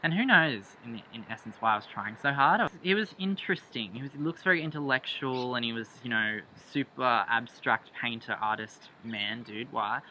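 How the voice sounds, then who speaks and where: A young man, chatting through a date story in a lively, jumpy way. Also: mid-range voice, moderate pace, few pauses, slight background noise, poor audio. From Australia. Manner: animated, jumps into quoted voices, laughs a lot. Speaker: vlogger. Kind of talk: storytime chat.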